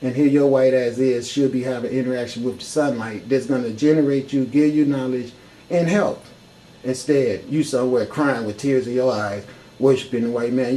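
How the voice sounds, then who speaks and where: A man's voice: medium pitch, warm tone, slight background noise, low-quality recording. A man giving an impassioned, profane talk full of rhetorical questions. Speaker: speaker in a discussion.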